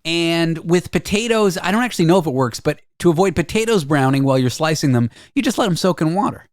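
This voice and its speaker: A man's voice: a little high, animated, quick pace, no room sound, studio quality. A Canadian man hosting a radio show, chatting casually and explaining at length with small hesitations. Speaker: radio host.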